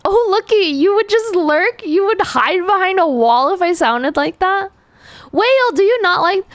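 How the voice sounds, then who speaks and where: Animated, playful woman streamer. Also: very high-pitched, unhurried, no room sound. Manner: giggly, chatty, playful with chat. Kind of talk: casual live stream chat.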